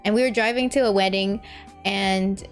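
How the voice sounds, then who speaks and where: A woman's voice: mid-range voice, fairly even intonation, normal speed, soft background music. A young woman VTuber chatting casually on a live stream while she draws, rambling, laughing often and answering her chat.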